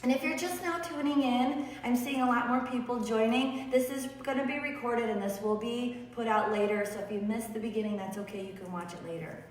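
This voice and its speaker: A woman's voice: fairly high pitch, fairly quick, hardly any pauses. A woman teaching a beginner yoga class on a live stream, encouraging and often checking in with her students. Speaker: yoga instructor. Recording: roomy echo, distant mic, faint room noise.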